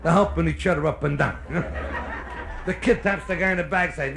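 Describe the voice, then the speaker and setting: A male stand-up comedian with a Brooklyn accent, telling jokes live on a club stage and slipping into quick character voices. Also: fairly high pitch, creaky. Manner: brash storyteller doing quick character voices. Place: hotel nightclub stage. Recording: live club recording with faint noise. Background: audience laughter.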